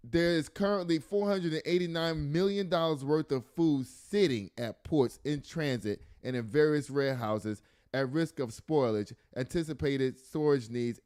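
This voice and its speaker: A man's voice: a little high, a little mellow, clear, resonant tone. A man hosting a casual news podcast, reading stories aloud and breaking off into exasperated, joking asides. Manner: laughs and jokes often. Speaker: podcast host.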